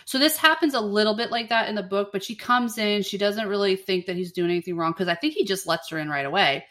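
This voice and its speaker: A woman's voice: mid-range voice, quick pace. Casual woman retelling a story. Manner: animated retelling with acted-out quotes and swearing. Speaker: podcast co-host. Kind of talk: casual book and movie chat.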